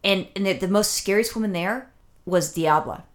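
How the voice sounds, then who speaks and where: Woman, casual chat, crude rambling storyteller, swears freely, mid-pitched voice. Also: normal speed. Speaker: podcast co-host.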